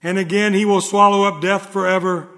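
A man's voice: high-pitched, level tone, sharp tone. Solemn man preaching in a reverberant hall. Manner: solemn, measured, rises in fervor. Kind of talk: sermon reading.

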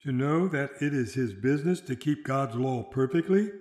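Solemn preacher in an echoey room. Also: male voice, mid-range voice, darkish tone. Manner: solemn, measured delivery with dramatic slowed quotations. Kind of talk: sermon.

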